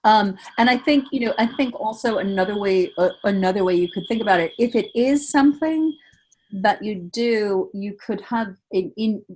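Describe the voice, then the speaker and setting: A woman's voice: mid-range voice, moderate pace, darkish tone. A woman hosting a webinar and giving casual voiceover advice, talking in chatty bursts with many restarts. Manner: chatty, with frequent restarts and fillers. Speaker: voiceover coach and webinar host.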